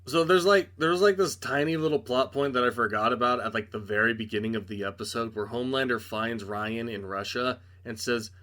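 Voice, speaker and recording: A man's voice: medium pitch, fairly even intonation, fairly quick, hardly any pauses, a bit bright. A young man recapping a TV episode in a casual review, full of sarcastic, exasperated asides.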